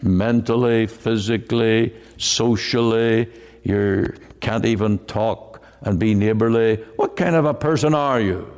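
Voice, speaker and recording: A man's voice: on the low side, a little slow, a little mellow, clear, resonant tone, in a large hall. A man voicing the devil as a taunting accuser who mocks and scorns. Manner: mocking, scornful questioning.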